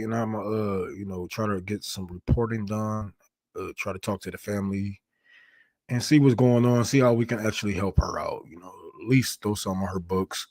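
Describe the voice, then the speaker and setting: A man's voice: lowish voice, a little mellow, no room sound. Dude hosting his stream, cussing a lot, rambling, dry close sound. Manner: profane, rambling, heavy slang. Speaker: livestream host. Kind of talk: casual livestream commentary.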